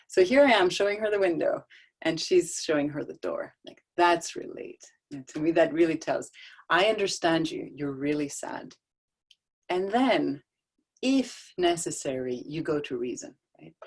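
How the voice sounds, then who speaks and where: A middle-aged woman with a notably low voice talks about parenting over a video call. She tells stories conversationally, laughing often and restarting her sentences. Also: darkish tone. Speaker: guest speaker on child development. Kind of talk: casual talk on a video call. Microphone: video call microphone.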